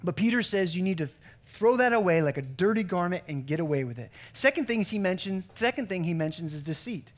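A man's voice: sits high, lively intonation, fairly quick. A man pastor giving a sermon in a conversational way, with joking asides and stories. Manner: conversational preaching with joke-telling asides.

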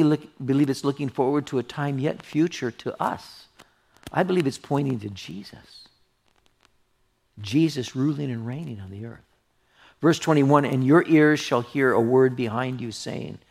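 A man's voice: medium pitch, vocal fry, breathy edge. A man pastor teaching through a Bible passage in an earnest sermon, reading scripture aloud and commenting on it conversationally. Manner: earnest, drops to a hushed whisper for tender asides.

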